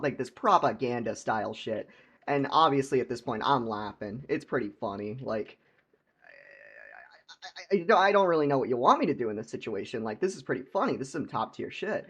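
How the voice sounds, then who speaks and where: A young man tells a casual storytime vlog tale in a husky voice of middling pitch. He rambles, stumbles over repeated words and leans on "like" constantly. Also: animated, fairly quick, a bit bright. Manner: rambling, heavy use of "like", laughs, repeats words.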